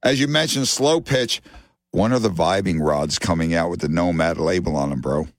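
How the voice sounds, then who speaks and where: Brief: male radio host, joking and excitable, dry studio mic. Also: sits low, normal speed, no room sound. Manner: excitable, laughs often, playful slang. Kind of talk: fishing radio interview.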